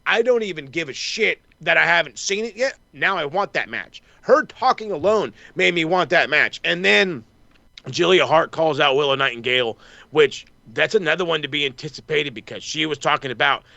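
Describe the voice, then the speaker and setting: A man's voice: on the high side, lively intonation, gravelly, bright, forceful tone, no echo, lo-fi sound. A man co-hosting a podcast, ranting and swearing constantly through a heated wrestling recap, often mimicking other people. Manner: fast, heated, swears constantly, mock quotes. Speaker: podcast co-host. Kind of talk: profane wrestling recap rant.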